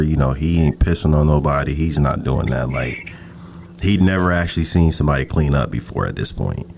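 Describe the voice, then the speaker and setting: A man's voice: extremely low pitch, gravelly, background noise. A man who is a podcast guest, telling a story in a laid-back, casual and profane way.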